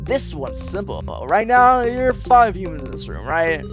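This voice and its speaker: A streamer voicing a scheming host of a deadly game, with a low, smug drawl and a put-on southern American accent. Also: big pitch swings, unhurried, music in the background. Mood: taunting. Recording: dull lo-fi recording.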